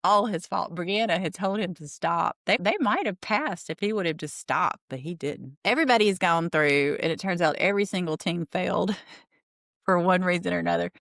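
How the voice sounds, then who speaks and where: A woman's voice: fairly low pitch, normal speed, gravelly, a bit bright, no echo, clean studio sound. A woman hosting a podcast, recapping a TV show in a chatty, wry, gossipy way. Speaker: podcast host. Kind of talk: casual TV recap.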